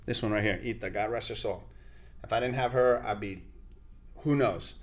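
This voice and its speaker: A man's voice: on the low side, moderate pace. A man whose first language is Spanish, a guest actor and radio host, telling stories in an interview and acting out the people in them. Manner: animated, acts out the people in his stories. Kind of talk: lively interview storytelling.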